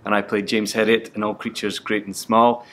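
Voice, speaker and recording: A man's voice: on the low side, level tone, normal speed, a bit bright, slight background noise. A man, an actor and audiobook narrator, telling a funny anecdote in a casual, amused way, chuckling and restarting now and then. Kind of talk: casual anecdote for a promo video.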